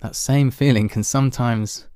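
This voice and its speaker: A man's voice: medium pitch, steady tone, moderate pace, mellow, no echo, studio quality. A man talking in a casual, reflective monologue, candid and self-deprecating, swearing now and then and laughing at himself.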